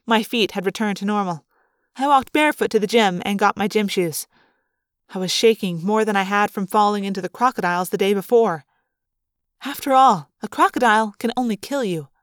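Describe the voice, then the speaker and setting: A woman narrating a first-person story aloud as a fan audiobook reader, with a lively, expressive delivery. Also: medium pitch, fairly quick, dry recording, studio quality.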